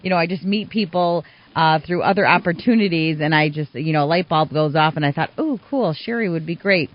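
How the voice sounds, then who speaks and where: A woman hosting a community radio interview show, telling stories in an animated way. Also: deep voice, brisk. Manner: animated storyteller, acts out quoted voices. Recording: dull, slightly muffled radio sound.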